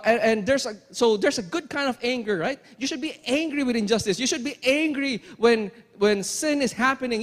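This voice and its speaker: A man with a very high voice preaches a sermon in a large hall with a long, ringing reverb. He is emphatic, circles back on his own phrases and keeps asking the congregation rhetorical questions.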